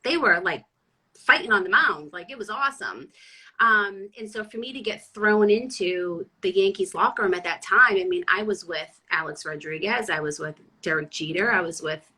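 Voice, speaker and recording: A middle-aged woman from Boston talks bluntly and with plenty of animation in a casual interview chat. Her voice is bright, with a slightly husky grain to it. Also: medium pitch, normal speed, rough recording. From Boston area, USA. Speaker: guest, chef and former sports reporter.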